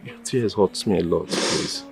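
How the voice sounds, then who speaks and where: A man's voice: deep voice, measured pace. An actor playing a remorseful husband who keeps begging his wife for forgiveness, over film music. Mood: pleading. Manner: pleading, apologetic. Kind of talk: Nollywood drama acting.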